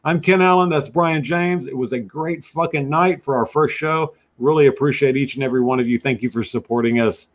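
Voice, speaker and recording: A man's voice: mid-range voice, fairly quick, hardly any pauses. Crude, flirty man co-host. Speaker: co-host, paranormal consultant. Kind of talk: casual chat.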